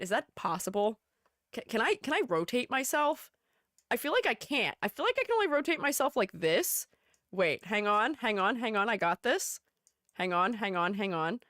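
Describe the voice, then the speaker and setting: A woman's voice: medium pitch, a bit bright, no room sound, clean studio sound. A woman VTuber streaming, chatting casually and playfully, often giggling and talking to herself. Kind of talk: casual livestream chat.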